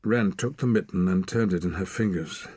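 A man narrating an audiobook in a dramatic, expressive way, sometimes dropping to a hush. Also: low-pitched, moderate pace, husky, no echo. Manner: dramatic, expressive, hushed at times.

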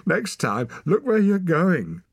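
A man putting on a bold, high-voiced young girl. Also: wildly swooping pitch, takes it slowly, slightly rough, dry recording, heavily acted. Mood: teasing.

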